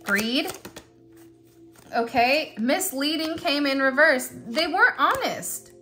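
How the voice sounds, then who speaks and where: Bright, high-voiced chatty woman. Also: lively intonation, slow, faint music behind. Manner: chatty, rambling, with frequent restarts. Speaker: tarot reader. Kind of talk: tarot reading to viewers.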